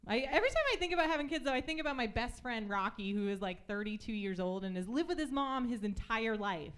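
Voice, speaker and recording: A woman's voice: a little high, expressive, quick pace, fairly bright tone, clean tone. A young woman telling stories in a stand-up comedy set on a club stage, chatty with lots of fillers and acted-out voices.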